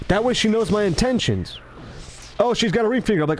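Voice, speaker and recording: A man rambling in casual commentary, animated and self-mocking. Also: high voice, a little fast, slight background noise. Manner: animated, self-mocking, acts out his own lines. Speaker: gaming commentator.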